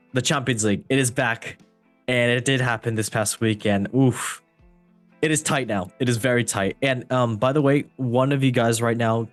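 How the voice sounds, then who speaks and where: A man hosting a casual football podcast who reads results in an upbeat, breezy way and often falls back on stock phrases. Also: mid-range voice. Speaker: host.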